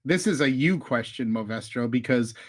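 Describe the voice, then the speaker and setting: A man's voice: medium pitch, expressive, moderate pace. A man hosting a casual travel podcast, chatty and upbeat, throwing questions to his co-host. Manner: chatty, upbeat, asks questions, hums sound effects.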